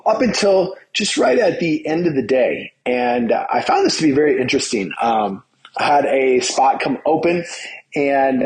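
A man's voice: medium pitch, a little mellow, poor audio. A middle-aged man, a dentist hosting his own show, casually telling a story from his workday and acting out the dialogue. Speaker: dentist and podcast host.

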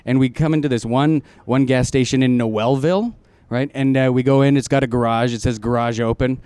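A man's voice: medium pitch, fairly even intonation, fairly quick, darkish tone, clean tone, no echo. A young man, a comedian, telling a rambling story in casual group chat, laughing often and acting out quotes.

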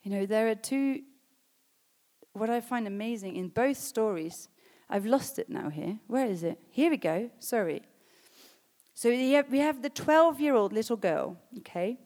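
A woman preaching a sermon, reading scripture and rising to loud, emphatic exhortations. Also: fairly high pitch, expressive, measured pace. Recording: long hall reverb.

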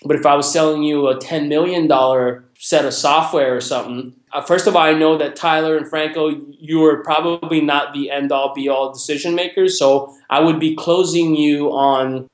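A man sharing stories from his sales career in an animated, conversational way, acting out customers as he goes. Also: a little high, moderate pace, few pauses. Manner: animated, acts out quoted customers in raised voice. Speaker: guest sharing sales experience. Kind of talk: conversational storytelling. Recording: roomy echo.

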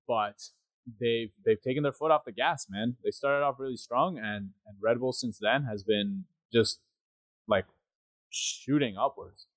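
A man co-hosting a casual podcast, talking in a loose, rambling way full of fillers and tag questions. His voice sits at an ordinary middle pitch. It is recorded dry and close, with no room echo. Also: unhurried, fairly bright tone. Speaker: podcast co-host. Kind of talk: casual chat.

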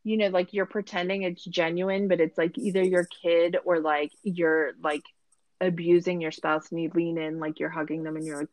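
A woman's voice: lowish voice, fairly even intonation, a little slow, no room sound, poor audio. A woman hosting a podcast, recapping a show in a sarcastic, rambling casual chat with lots of filler words. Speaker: podcast host.

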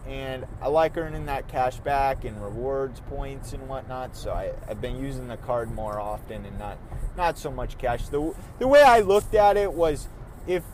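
A man's voice: fairly high pitch, expressive, normal speed, a little mellow, slight background noise. A man hosting his own podcast from the car, rambling casually, stumbling over and repeating his words. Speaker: podcast host. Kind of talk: casual rambling monologue while driving. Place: in a car on city roads.

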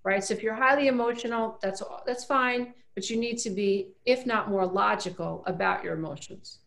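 A woman's voice: medium pitch, normal speed, vocal fry, a bit bright. A middle-aged woman speaking as an interview guest, earnest and emphatic, often repeating phrases as she explains. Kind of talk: casual interview talk.

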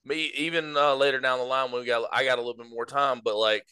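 Guy on a podcast, bright forceful voice, dry close sound. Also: medium pitch, little pitch movement, fast talker, smooth, dry recording. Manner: laughs often, puts on mock Southern drawl. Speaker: podcast co-host. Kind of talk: casual chat.

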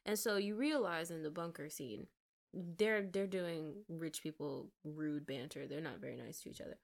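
A woman's voice: deep voice, normal speed, gravelly. A woman in a casual chat, animatedly retelling a movie's scenes and acting out the characters' lines. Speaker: podcast co-host.

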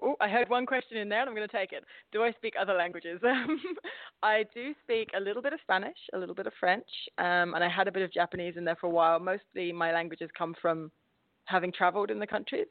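Gravelly English woman with an Australian twang. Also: fairly low pitch, quick pace, no echo. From England. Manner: expressive, laughs often. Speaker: guest. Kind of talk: casual interview chat. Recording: tinny phone line.

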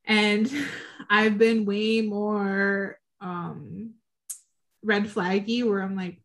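Her mid-range voice moves little in pitch and she speaks slowly. She's a woman in her thirties co-hosting a podcast, frankly chatting in a casual way and cursing from time to time.

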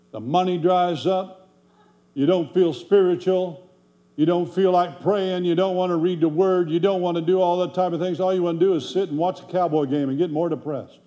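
In a folksy, conversational sermon, a pastor fires rhetorical questions at his congregation. His voice is slightly high yet mellow and warm, and a faint electrical hum lies beneath the recording.

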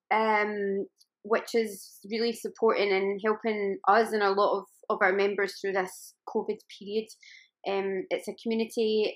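A woman joins the podcast host and talks in an easy, conversational way. Her voice sits at a middle pitch. She describes things plainly and pauses with small fillers. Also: a bit bright. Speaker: podcast co-presenter. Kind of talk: casual podcast chat.

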